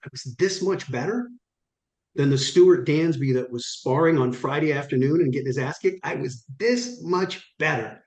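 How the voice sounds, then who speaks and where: A man's voice: a little high, normal speed. A middle-aged man, a guest on an interview show, tells stories with energy and acts out the dialogue in them. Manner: vivid, acts out quoted dialogue. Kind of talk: animated storytelling. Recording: echoey room.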